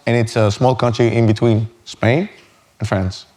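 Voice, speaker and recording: A man hosting a casual chat show. His delivery is halting and friendly, and he restarts and repeats words as he searches for them. His pitch stays in the middle range. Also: fairly even intonation, a little mellow. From outside the United States. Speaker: host.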